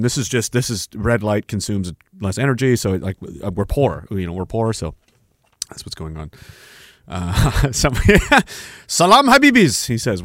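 Man, livestream host, rambling casual talk, curses a lot, lively swooping pitch, dry close sound. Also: no echo. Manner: rambling, swearing, self-interrupting. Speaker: livestream host reading chat.

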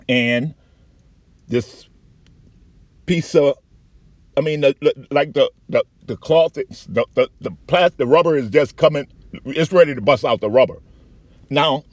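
A man giving a candid, profane personal account with halting restarts and frequent fillers. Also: medium pitch, no echo. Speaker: patient recounting an experience.

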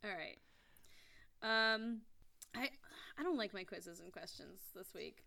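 A woman in her thirties chats away as podcast co-host. Her voice is bright and clear, her talk full of fillers and self-deprecating asides. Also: mid-range voice, lively intonation, takes it slowly. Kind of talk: casual chat.

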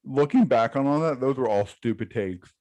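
A man's voice: medium pitch, moderate pace, warm tone, dry recording. A man co-hosting a casual sports podcast, blunt and given to swearing and repeating words. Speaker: podcast co-host.

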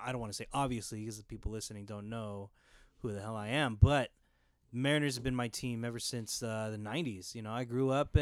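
A man with a smooth, resonant voice of medium pitch, chatting easily on a podcast. He leans on fillers like "you know" and "uh", and the recording is dry and close. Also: no room sound. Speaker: podcast co-host. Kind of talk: casual chat.

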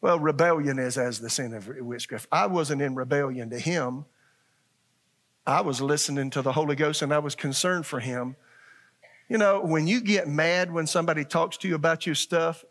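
Earnest older preacher, folksy and plain. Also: male voice, a little high, moderate pace, fairly bright tone. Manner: folksy, earnest preaching with repetitions and asides to the congregation. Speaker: pastor. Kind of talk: sermon. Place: church sanctuary.

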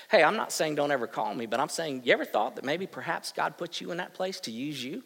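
A male pastor preaching a sermon, swinging from hushed, low asides to loud, emphatic bursts. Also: lively intonation, quick pace, gravelly, hardly any pauses, in a large hall.

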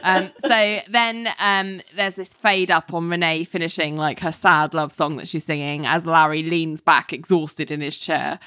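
A woman's voice: low-pitched, steady tone, a little slow, hardly any pauses, sharp tone, clean tone, no echo. A woman co-hosting a podcast, recapping a TV episode in a chatty, storytelling way with lots of "um" and "like". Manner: chatty storytelling, laughing often, many "um" and "like". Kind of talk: casual chat, episode recap.

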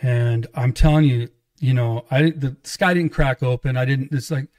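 A middle-aged man, an evangelist, telling his life story in casual conversation, animated and acting out quoted dialogue. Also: mid-range voice, normal speed. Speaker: guest, evangelist and pastor.

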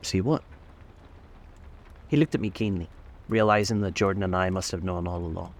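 A man narrating a classic novel aloud in a steady, measured way. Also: low voice. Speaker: audiobook narrator.

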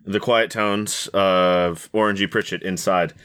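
A man's voice: low voice, steady tone, a little slow, a bit bright, clear, resonant tone. A man narrating a tabletop game as game master, casual and rambling, with some swearing.

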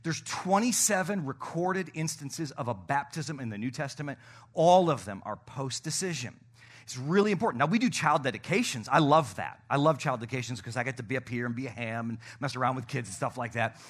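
A male pastor preaching to his congregation in an energetic, playful, coaxing manner. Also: medium pitch, a little fast. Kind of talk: sermon. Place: church stage.

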